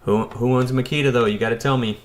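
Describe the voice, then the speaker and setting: Talking fast in a steady, mid-range voice, this man is an American electrician and YouTuber in his thirties. He chats loosely on his live stream, wandering from point to point and addressing viewers head-on.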